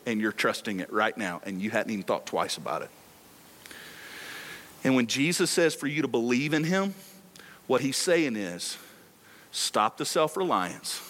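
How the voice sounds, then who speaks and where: A man's voice: medium pitch, pushed and bright. A male pastor preaching a sermon on a microphone in a large church hall, with passionate delivery and lots of rhetorical repetition.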